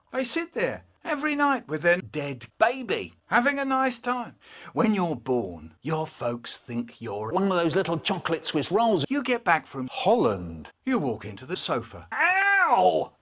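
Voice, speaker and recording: Husky man telling animated stories slowly. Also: high-pitched. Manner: animated storytelling with sudden shouts and silly voices. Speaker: children's poet reading stories. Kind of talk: spliced comedic remix of storytelling clips.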